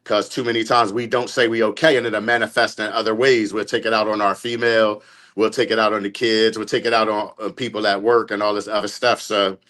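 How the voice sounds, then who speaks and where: A man's voice: lowish voice, level tone, fairly quick, fairly bright tone. A man with a Philadelphia accent, talking openly and bluntly about his temper in a casual group podcast chat. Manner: blunt, open, reflective. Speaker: podcast guest.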